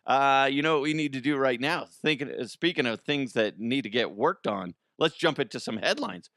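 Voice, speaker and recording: A man in his thirties hosts a comedic news podcast from home, talking in a casual, joking way and laughing often. His pitch swings widely as he talks, and the sound is close and dry with no room around it. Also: lively intonation, moderate pace, a bit bright, dry recording. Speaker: podcast host. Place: home, morning recording.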